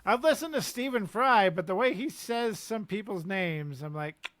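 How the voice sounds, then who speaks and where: A man co-hosting a podcast, chatting casually about a book with quick asides and easy laughter. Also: sits high, animated, a bit bright, no echo. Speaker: podcast co-host. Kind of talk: casual book discussion chat.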